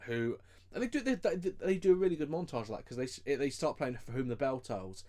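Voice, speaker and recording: A man's voice: mid-range voice, lively intonation, fairly quick, warm tone. A man co-hosting a podcast in casual chat, swearing freely and laughing often. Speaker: podcast co-host.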